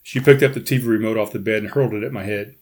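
Brief: male podcast host reading his memoir, dramatic, animated, with dropped-voice asides. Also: racing. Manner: animated, pitch jumps up in quoted dialogue, quiet asides.

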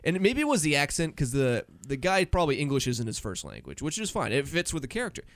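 A man co-hosting a podcast in casual chat, animated and joking, often mimicking voices. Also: on the high side, fast, dry recording. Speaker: podcast co-host.

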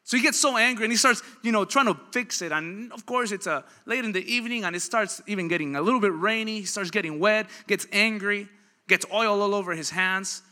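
A pastor in his thirties with a high, very bright and tense voice. He preaches dynamically, moves from quiet storytelling to loud, driving peaks, and acts out the people in his stories. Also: fairly quick. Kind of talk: sermon.

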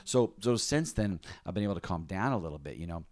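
A man's voice: low-pitched, lively intonation, fast. A man who leads a ministry, talking candidly about prayer, rambling and restarting with self-mocking asides. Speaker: ministry leader and podcast co-host. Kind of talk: casual faith talk.

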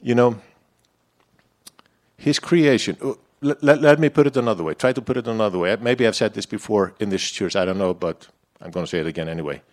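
A man's voice: lowish voice, brisk. A man preaching a sermon in a church, in a conversational, personal way that turns the message back on himself.

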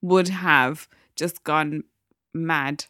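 A young woman with a Geordie accent, chatting as a podcast co-host, animated and ranting, swearing freely and laughing often. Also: low-pitched, very slow, clear, resonant tone, no echo, clean studio sound. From North East England. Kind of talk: casual chat.

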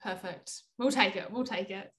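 A woman's voice: medium pitch, normal speed, a bit bright. A young woman interviewing a guest over a video call, gushing and upbeat in a casual chat.

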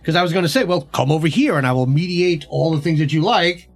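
A man's voice: on the high side, lively intonation, fast talker, gravelly, faint music behind. Hesitant male player, full of "like". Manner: hesitant, lots of "like" and "sort of".

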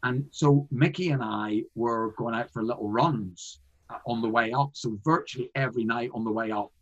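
A man's voice: mid-range voice, normal speed, dull audio. A man, a comedian, telling a story in a casual interview, rambling with frequent restarts and fillers. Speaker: guest, comedian.

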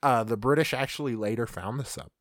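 A man's voice: medium pitch, quick pace, a bit bright, no room sound. A man co-hosting a podcast, casually retelling creepy history stories with fillers and stumbles. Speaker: podcast co-host. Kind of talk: casual storytelling chat.

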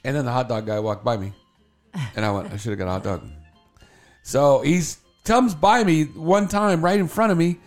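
A man co-hosting a morning radio show, telling a story in a casual, animated way and acting out the people he quotes. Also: on the high side, normal speed, soft background music.

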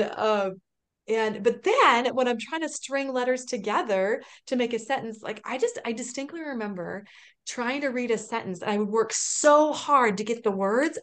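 A woman in her thirties telling her own story in an interview, with a voice that sits a little high for a woman. She talks in an earnest, emotional way, restarting her sentences often, and at times she comes close to tears. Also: fairly bright tone. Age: 30s. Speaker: podcast guest.

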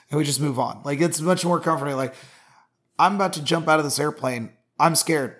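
A man's voice: on the high side, fairly quick. A man on a podcast co-hosting a casual chat, telling stories and acting out both sides of the dialogue. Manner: animated storyteller, acts out dialogue. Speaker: podcast co-host.

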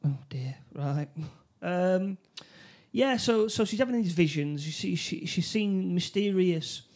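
A man recapping a film plot in casual chat, halting, with many restarts and fillers. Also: high-pitched, lively intonation, darkish tone. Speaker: film review co-host.

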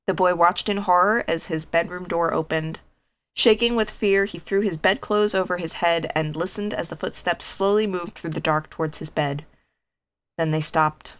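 A woman's voice: lowish voice, a little hiss or hum. Woman reading a creepy tale aloud. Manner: animated, reads with dramatic slow groans, laughs easily. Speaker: podcast co-host. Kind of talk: casual chat reading a scary story aloud.

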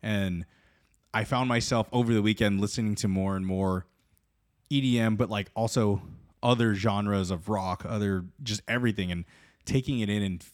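A man co-hosting a casual podcast chat, reacting in a relaxed, laid-back way. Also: on the low side, normal speed. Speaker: podcast co-host.

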